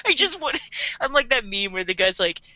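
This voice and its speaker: A woman hosting a podcast in casual recap chat, animated, laughing often and acting out characters. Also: fairly high pitch, normal speed, dry recording, muffled recording. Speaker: podcast host.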